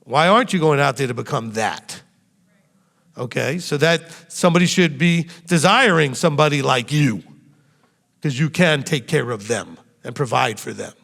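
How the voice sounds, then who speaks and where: A man's voice: mid-range voice, moderate pace, creaky, fairly bright tone. A male rabbi preaching a sermon, speaking animatedly and putting direct rhetorical questions to his congregation. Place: meeting room with a congregation. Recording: long reverb in a hall.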